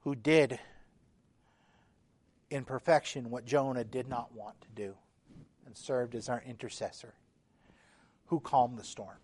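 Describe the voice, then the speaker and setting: A man preaching a sermon in a measured, emphatic way, his intensity rising and falling. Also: mid-range voice, fairly even intonation, a little mellow, slightly rough, dry recording.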